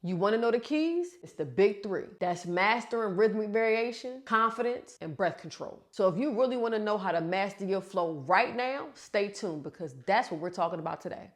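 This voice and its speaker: A woman from Philadelphia giving a casual rap lesson, talking in animated, slangy bursts and acting out bars to demonstrate. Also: mid-range voice, normal speed, hardly any pauses. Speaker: rap coach and YouTube creator.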